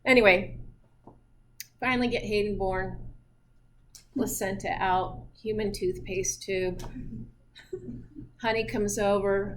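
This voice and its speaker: A woman's voice: medium pitch, takes it slowly, pauses often, fairly bright tone, a little hiss or hum. A middle-aged woman teaching physiology in a chatty style, telling personal stories and laughing often. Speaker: physiology instructor. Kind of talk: lecture with personal anecdotes.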